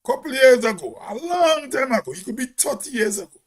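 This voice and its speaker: A man's voice: extremely high pitch, animated, a little fast. A man, hosting his own channel, tells a story in a rambling casual monologue, repeating and restarting his phrases. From Grenada. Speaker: channel host. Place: Toronto.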